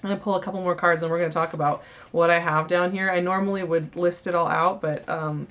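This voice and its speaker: Woman reading tarot cards, lower pitch, casual chatter, fillers and restarts. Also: steady tone, quick pace. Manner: chatty, warm-hearted, many fillers and restarts. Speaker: tarot reader.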